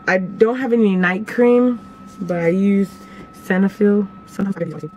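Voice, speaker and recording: A young woman vlogging at home, telling a story in a casual, animated, dramatic way with sudden jumps in pitch. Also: normal speed, background noise.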